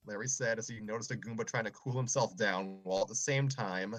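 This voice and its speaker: A man's voice: lowish voice, fairly even intonation, brisk, dry recording, soft background music, poor audio. Man reading a story aloud. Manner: clears his throat often between passages. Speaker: story reader and show host. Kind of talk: reading a fan story aloud with joking asides.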